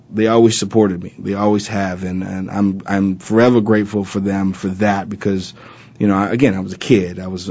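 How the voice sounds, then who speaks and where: A man's voice: low voice, highs cut off. A man from Arizona and a former college football player, telling a personal story in an interview and acting out old conversations with lots of fillers. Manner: animated retelling, acting out past dialogue with many fillers.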